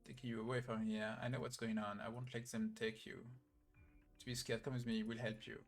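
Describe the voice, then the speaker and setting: A man reading the lines of a protective young man trying to rescue a friend from a game story, in a flat read-through. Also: medium pitch, a little fast, soft background music, close to an everyday voice.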